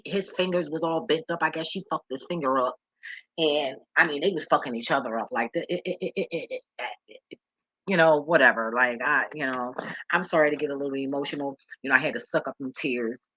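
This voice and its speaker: A woman with a low, brisk voice, a sharp tone and a breathy edge tells personal stories straight to the camera as a vlogger. She's frank and swears a lot, repeating words when emotional, and the recording is dry and rough.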